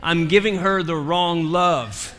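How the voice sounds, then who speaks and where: A man's voice: a little high, slow pace, a bit bright, slight background noise. A male pastor preaching a sermon in a church, telling a story with humor and emphatic repetition.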